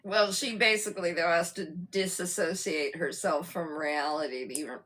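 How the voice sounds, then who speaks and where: A woman co-hosting a casual book club chat, easygoing and quick to laugh. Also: lowish voice, steady tone, a bit bright.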